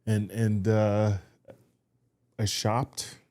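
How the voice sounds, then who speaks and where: A man co-hosting a casual couple's podcast, with a fairly low voice. He tells his stories haltingly, restarting and chuckling as he goes. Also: little pitch movement, warm tone. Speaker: podcast co-host.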